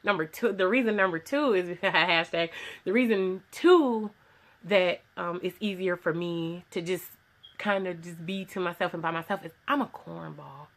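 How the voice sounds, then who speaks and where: Speaking at a moderate pace in a lowish voice, a small business owner records a casual vlog from her sewing room at home. Her testimony is earnest and rambling, with restarts and quoted voices mixed in.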